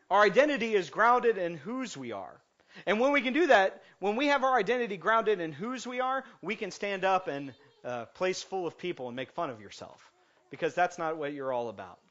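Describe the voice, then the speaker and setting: Animated jokey male pastor, muffled sound. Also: fairly high pitch. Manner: jokey and animated, then calm and earnest. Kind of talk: lighthearted sermon. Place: church sanctuary.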